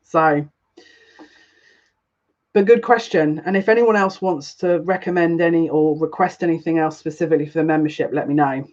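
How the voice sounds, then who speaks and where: A woman's voice: sits low, normal speed, darkish tone, highs cut off. A woman reading tarot on a live stream, chatting with viewers in an emotional, rambling way, greeting them by name and restarting her sentences. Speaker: psychic reader on a live stream.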